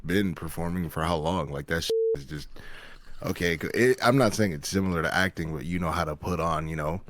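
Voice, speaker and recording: Casting: male podcast co-host, very low voice, loose rambling delivery. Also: fairly quick. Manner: relaxed, rambling, slangy with mild swearing. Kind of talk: casual chat.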